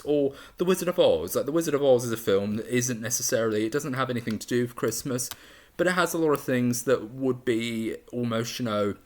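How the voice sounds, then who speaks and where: A man reviews a film in a loose, chatty way, gushing about the scenes he loves. His voice sits fairly low. He often trips over his words and starts sentences again. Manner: enthusiastic and rambling, with frequent restarts. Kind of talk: casual video review.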